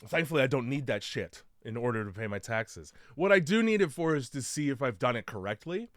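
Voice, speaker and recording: A man with a mid-pitched voice co-hosts a casual movie podcast, close to the mic in a dry sound. He goes into sarcastic, profane rants. His delivery is loose and conversational. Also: sing-song, brisk, dry recording. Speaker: podcast co-host.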